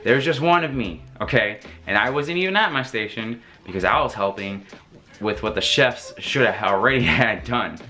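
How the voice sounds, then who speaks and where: A young man telling a story in a casual, animated way, laughing often and swearing freely. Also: fairly low pitch, moderate pace. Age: young adult. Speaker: vlogger.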